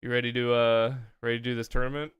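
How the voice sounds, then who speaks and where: A young man hosting a livestream, chatting casually and thinking aloud in a relaxed way. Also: mid-range voice, fast, clean tone, no room sound, muffled recording. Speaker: streamer host.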